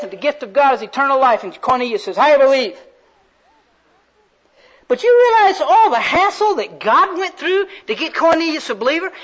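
A male preacher delivering a sermon with fervent, folksy storytelling. His voice is strikingly high for a man. The recording is a little dull and muffled. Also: fairly bright tone.

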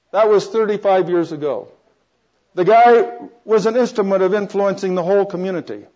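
An older man gives a personal testimony in a sermon, circling back and restarting sentences as he tells his story with small chuckles. His voice sits fairly high for a man. The recording is dull and lo-fi. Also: a little mellow. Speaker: preacher.

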